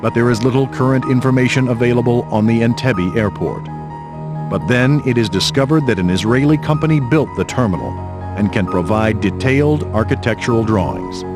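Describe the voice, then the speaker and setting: A man's voice: mid-range voice, a little fast, over music. Grave male documentary narrator. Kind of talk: scripted narration.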